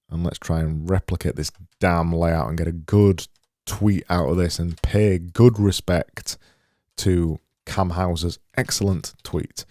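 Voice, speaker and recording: A man's voice: deep voice, warm tone, no room sound, studio quality. A man and graphic designer talking through his work as he goes, thinking aloud in a muttering, self-deprecating way. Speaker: graphic designer making visuals. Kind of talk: casual screen-recorded work commentary.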